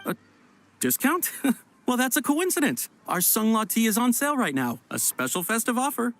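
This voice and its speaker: An actor voicing an overly polite tea shop vendor in a video game, with a smooth sales pitch that stammers when things go wrong. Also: big pitch swings, normal speed, fairly bright tone. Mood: salesy. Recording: game audio with faint music.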